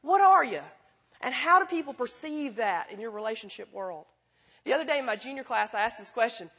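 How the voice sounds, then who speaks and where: A middle-aged woman preaches in a high, bright voice. She is folksy and animated, carrying the audience through stories as she makes her point. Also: a little fast, husky. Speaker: speaker at a school chapel. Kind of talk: sermon with storytelling.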